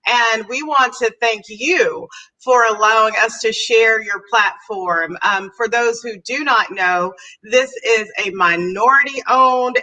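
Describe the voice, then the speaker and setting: Bright, earnest woman guest. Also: fairly high pitch, poor audio. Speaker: sorority chapter guest. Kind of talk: casual live broadcast chat.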